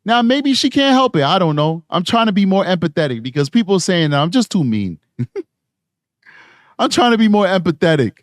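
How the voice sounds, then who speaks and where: A man's voice: sits high, expressive, a little fast, no echo, studio quality. A man from New York City giving rambling true crime commentary on a live stream, tired from lack of sleep. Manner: rambling, conversational, frequent restarts.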